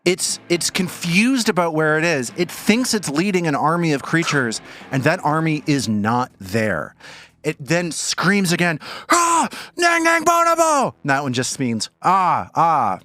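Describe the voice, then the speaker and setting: A man narrates a tabletop game as game master, with a bright, ringing tone. His delivery is animated and dramatic, and his pitch rises and falls widely as he describes the fight. His voice sits a little high for a man. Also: unhurried.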